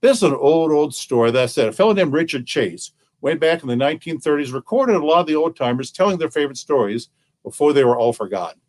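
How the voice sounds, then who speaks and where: A male children's librarian telling a story straight to camera, playful and animated, pausing to ask his young listeners questions. His fairly high voice swings widely up and down as he draws out the tale.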